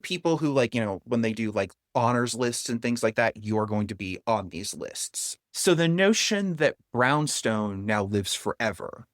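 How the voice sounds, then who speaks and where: Lively male guest telling a story. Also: mid-range voice, moderate pace, hardly any pauses, no room sound, clean studio sound. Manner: animated, chuckles through his stories. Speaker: podcast guest, writer. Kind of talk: casual interview storytelling.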